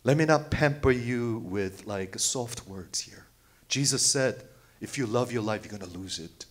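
A man preaching a sermon, asking the congregation rhetorical questions, swinging from loud outbursts to hushed near-whispers. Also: medium pitch, a little slow. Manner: rhetorical questions, repeats phrases.

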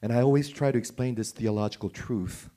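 A man's voice: medium pitch, a little fast, warm tone. A man preaching a sermon, asking the listeners questions and swinging from emphatic stress down to a near-whisper. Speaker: pastor.

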